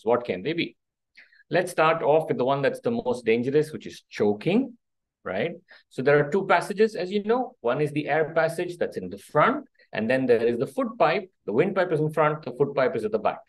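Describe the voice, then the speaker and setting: A middle-aged doctor runs an interactive first-aid workshop, speaking in a mid-range voice on a rough recording. He keeps checking in with his audience, asking "okay?" and "right?".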